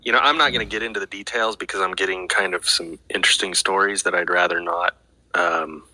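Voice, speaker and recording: A man's voice: low voice, steady tone, brisk, pushed and bright, no room sound, low-quality recording. A man speaking guardedly, hesitating with many fillers and choosing words carefully. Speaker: guest speaker.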